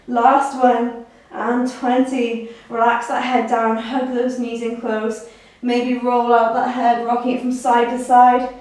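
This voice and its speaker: Woman personal trainer, fairly high voice, counts reps, encouraging; echoey room, mic some way off. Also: darkish tone, distant mic. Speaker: fitness instructor. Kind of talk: guided workout instruction.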